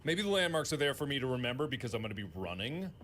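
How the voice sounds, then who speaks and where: A man's voice: medium pitch, big pitch swings, racing, a bit bright, a little hiss or hum. A man playing a horror game and talking to himself, chatty and joking as he explores. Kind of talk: casual solo game commentary.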